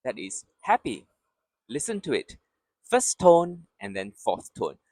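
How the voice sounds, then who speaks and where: A man teaching pronunciation patiently, speaking slowly and drilling repeated syllables. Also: fairly high pitch, wildly swooping pitch, darkish tone, dry recording. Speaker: Mandarin teacher. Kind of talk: slow pronunciation lesson.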